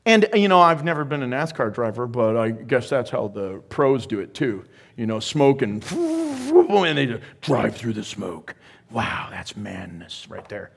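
A man's voice: medium pitch, wildly swooping pitch, measured pace, creaky, slightly rough. A middle-aged male pastor preaching a sermon in a conversational way, with laughing asides and growing emphasis.

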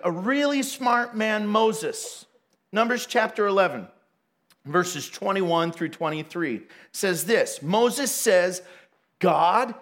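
A man with a notably high voice preaches in a relaxed, conversational way. He laughs often as he talks. He acts out the people in his story with quick little voices. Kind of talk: casual sermon.

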